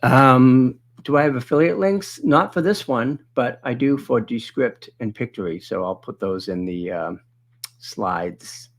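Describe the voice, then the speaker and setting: A man hosting a live webinar, chatting casually and thinking aloud as he demonstrates software and answers viewer questions. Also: on the low side.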